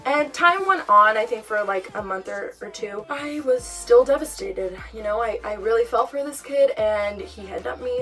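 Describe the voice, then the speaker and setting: A young woman casually telling a storytime on her vlog, acting out what she and others said. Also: mid-range voice. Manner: chatty, animated retelling with quoted dialogue. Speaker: vlogger. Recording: far from mic, music behind.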